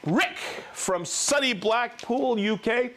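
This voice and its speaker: A man's voice: very high-pitched, expressive, slow, fairly bright tone. A man hosting a live show, reading out viewers' names and hometowns in a jokey, upbeat way. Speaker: livestream host.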